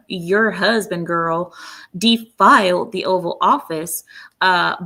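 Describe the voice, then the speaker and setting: Slow, gravelly-voiced sarcastic woman commentator. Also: mid-range voice, a bit bright. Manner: sarcastic, mocking, with many fillers. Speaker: commentary channel host. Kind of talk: opinionated political commentary.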